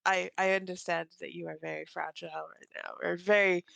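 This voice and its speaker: A player puts on a concerned adventurer with a heavily gravelly, fry-laden voice, pausing and restarting often. The sound is dry and close. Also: medium pitch, little pitch movement, bright, forceful tone, no echo. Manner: halting, hesitant phrasing.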